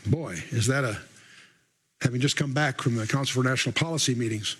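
An older man with a husky voice teaching a Bible lesson, reading scripture with emphasis and adding casual asides. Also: mid-range voice, brisk, fairly bright tone, rough recording. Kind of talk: sermon.

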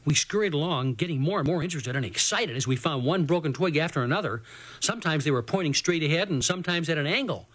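A man with a slightly raised pitch reads a children's adventure story. He tells it in a homespun, first-person way, like a boy recounting his own day. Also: expressive, fast, a bit bright.

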